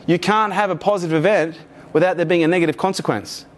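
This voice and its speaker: A man's voice: high-pitched, steady tone, fast talker, a little hiss or hum. A man giving a live motivational keynote to an audience, swearing freely and acting out quoted voices. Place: conference room with live audience.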